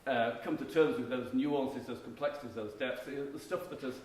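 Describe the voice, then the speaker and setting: At normal speed and in a mid-range voice, a middle-aged marketing professor gives a keynote lecture in a conference hall. He sounds conversational and emphatic, restarting often. The recording is echoey, with faint noise in the background.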